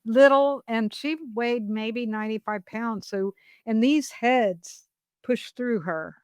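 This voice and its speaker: A woman's voice: on the high side, slow pace, smooth, no echo, studio quality. A middle-aged woman co-hosting a podcast in casual chat with a friend, laughing often and telling stories with animation. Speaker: podcast co-host.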